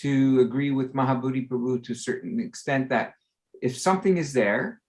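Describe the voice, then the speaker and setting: A man's voice: medium pitch, brisk, a little mellow. A man in a casual group discussion over a video call, conciliatory and searching for his words.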